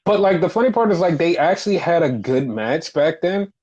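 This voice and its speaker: Brief: excitable male podcast co-host, casual and profane, pitch leaps when quoting others. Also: brisk, breathy edge, lo-fi sound. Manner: animated, profane, acts out quotes. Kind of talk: casual wrestling chat.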